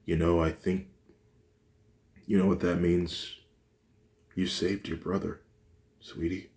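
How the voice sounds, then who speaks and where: A gentle, comforting mother in a homemade storybook reading, read by a man. She speaks softly and soothingly, slowly, in a deep, flat voice. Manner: soft and soothing.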